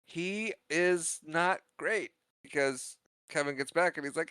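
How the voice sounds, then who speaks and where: In a casual podcast chat, a young co-host animatedly relives a movie scene, voicing the characters' lines and often laughing. He speaks at a medium pitch, unhurried, with a clean tone and no room sound.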